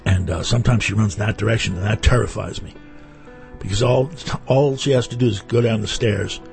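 A man's voice: lowish voice, a little fast, creaky, a little mellow, faint music behind. A man hosting a radio show, chatting casually and telling wry, rambling stories into a studio microphone. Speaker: radio host. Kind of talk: casual chat.

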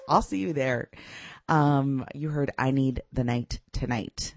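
A woman's voice: extremely low pitch, unhurried. A woman radio DJ back-announcing songs in a casual, enthusiastic way, with frequent laughs and fillers. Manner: enthusiastic, giggly, with many "uh" fillers.

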